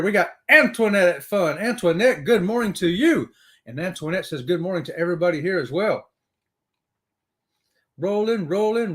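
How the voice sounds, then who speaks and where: A man hosting a casual live stream, greeting viewers by name and reading their comments aloud in an upbeat, whooping way. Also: high voice.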